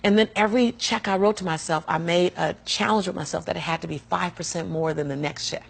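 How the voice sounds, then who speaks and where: A woman's voice: fairly low pitch, fast, vocal fry, slight background noise. Emphatic, preacherly woman storyteller. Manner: emphatic, preacherly, laughs often. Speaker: interview guest sharing her life story. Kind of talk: animated personal storytelling.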